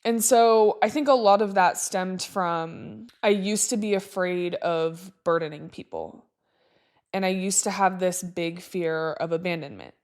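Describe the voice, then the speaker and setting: A woman's voice: on the low side, darkish tone, smooth. Young woman, podcast host, candid, reflective storytelling, casual fillers.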